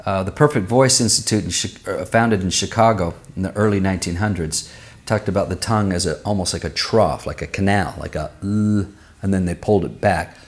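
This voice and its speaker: A man working as a vocal coach, answering viewers' singing questions and demonstrating vowels and pitches with his own voice. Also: a little fast. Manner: explanatory, uses everyday comparisons.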